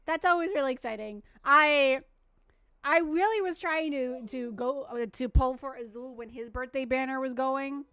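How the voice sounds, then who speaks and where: Woman, high voice, dry close sound, casual stream chat, rambling, restarts sentences. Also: normal speed, clear, resonant tone, no room sound. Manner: softens into baby talk with her pet.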